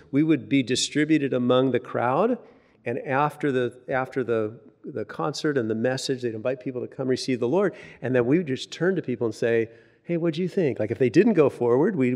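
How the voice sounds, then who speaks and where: With a middle-pitched voice, neither deep nor high, a male pastor delivers a sermon built around a personal story, circling back on his words as he works toward his point. He's loose, conversational, and animated, with many restarts and filler words.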